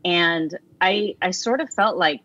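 A woman's voice: fairly low pitch, slow pace, bright, forceful tone. A woman in her forties, a teacher and author, talking through her own story in an earnest, reflective interview. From United States. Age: 40s. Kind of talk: casual reflective interview talk. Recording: slightly dull, dry recording.

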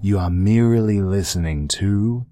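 A man voicing a seductive late-night male radio announcer, crooning slowly and dropping his voice low. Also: mellow, no echo, lightly acted. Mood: sultry. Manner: slow, drawn-out, breathy crooning. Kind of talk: mock seductive show intro.

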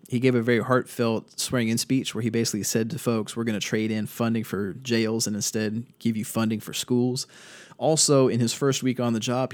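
A man's voice: mid-range voice, no room sound. A man hosting a podcast, giving sardonic, profane commentary on news stories and reading quotes aloud. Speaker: podcast host.

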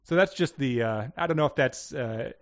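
A man's voice: medium pitch, normal speed. A man co-hosting a podcast in casual chat, reading out listener picks with a lot of laughter. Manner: laughs often, animated, jokey. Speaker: podcast co-host.

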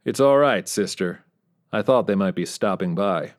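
A man's voice: lowish voice, animated, normal speed, close to an everyday voice. A man voicing a wisecracking retired spy of about seventy, trading dry, sardonic quips. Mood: easygoing. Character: wisecracking dying old male ex-spy, seventy.

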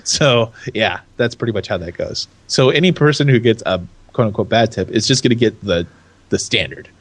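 Laid-back california guy, low-ish voice, rambly podcast chat, keeps restarting himself. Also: moderate pace, breathy edge. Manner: rambling, self-interrupting, laughs often. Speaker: podcast co-host. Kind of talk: casual chat.

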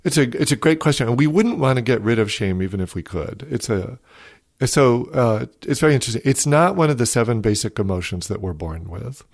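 A man, a psychologist guest on a podcast, explaining ideas in a thoughtful, measured way and telling stories. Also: mid-range voice, lively intonation, vocal fry, no echo, clean studio sound.

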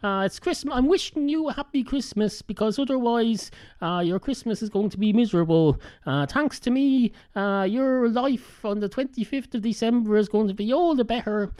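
A man voicing an overeager, gushing well-wisher in a raised, excited voice. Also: extremely high pitch, moderate pace. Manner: gushing, self-congratulating.

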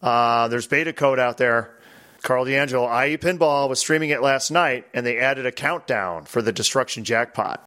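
A man's voice: mid-range voice, moderate pace, pushed and bright. A man hosting a pinball podcast, chatting casually, laughing often and mimicking game voices. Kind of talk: casual chat.

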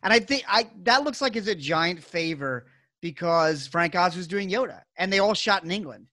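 A man's voice: high voice, expressive, sharp tone, dry recording. A man co-hosting a casual podcast chat, dropping wry quips. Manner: wry, quick quips and laughs. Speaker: podcast co-host.

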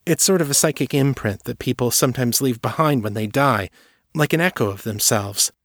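A man reading aloud and voicing a calm, firm young woman telepath who explains and reassures steadily. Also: mid-range voice, fairly quick, no echo, studio quality, voice pushed up, natural voice. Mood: explaining.

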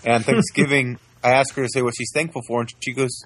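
Husky-voiced dad telling a lively story. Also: male voice, medium pitch, a little fast, hardly any pauses. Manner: animated storytelling, acts out voices. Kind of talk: casual chat.

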